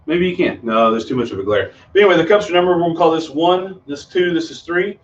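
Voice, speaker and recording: Streaming magic tricks to children from a room in his house, this middle-aged man rambles through his patter, full of ums and restarts. He talks fast in a fairly high, animated voice. The recording is distant and muffled, with a slight hiss or hum.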